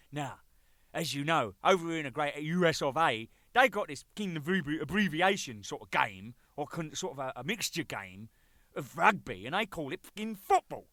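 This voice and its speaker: With a fairly high, sharp voice, a man in his thirties rambles through cheeky anecdotes while presenting a record as a band drummer, swearing plenty. The clean studio recording has no room sound.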